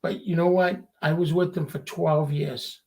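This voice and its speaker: A guest from Revere, Massachusetts, tells stories in casual chat and acts out the people he quotes. His voice is a little high and a little mellow, with a steady tone and moderate pace.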